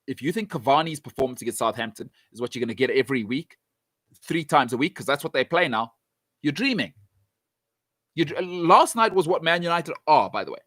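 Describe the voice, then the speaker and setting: A man's voice: on the high side, a bit bright, dry recording. A man giving blunt, emphatic football opinions, speaking straight at the fans and hammering his points by repeating them. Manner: direct address to fans. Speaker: football pundit. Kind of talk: opinionated sports talk.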